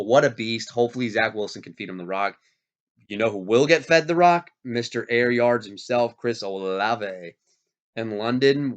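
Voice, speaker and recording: A man with a lowish voice hosts a fantasy football league show, chatting casually with hyped, animated energy and often interrupting and correcting himself. He's getting over an illness and coughs now and then. The recording has a dull, lo-fi sound.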